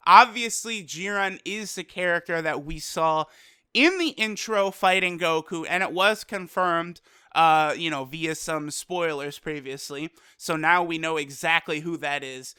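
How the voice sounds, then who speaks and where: A man reviews an anime episode with casual, animated energy. His voice is bright and smooth. The recording is dry and close. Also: a little high, unhurried, no room sound. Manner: energetic, animated retelling with quoted lines.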